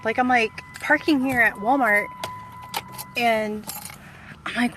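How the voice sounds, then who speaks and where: Woman vlogger, casual live-stream from her car, drawn-out squealy delivery, faint road noise. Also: a little high, bright, forceful tone. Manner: squealing, freaked out, exclaiming. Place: parked car outdoors.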